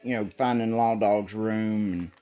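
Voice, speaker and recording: A man's voice: fairly low pitch, fairly even intonation, unhurried, mellow, clean tone. A man casually retelling a comic book's plot in a loose, rambling way, with swearing and stumbles. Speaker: comic book reviewer.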